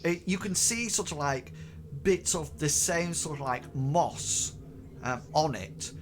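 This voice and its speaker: A man's voice: on the high side, animated, slow pace. A man narrating as game master, hesitant and full of fillers and restarts. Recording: noisy recording.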